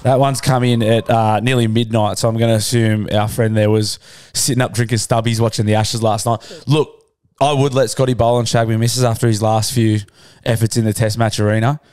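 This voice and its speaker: A man's voice: on the low side, flat delivery, brisk, a little mellow, smooth. A man with an Australian accent hosting a podcast in laid-back, sweary banter. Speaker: podcast host. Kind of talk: casual podcast chat.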